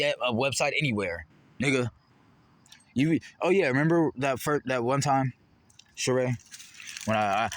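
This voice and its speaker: A man's voice: mid-range voice, fairly bright tone. A man in a heated, rambling, profane monologue to the camera. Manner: heated, rambling, profane, jumping between topics. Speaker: vlogger.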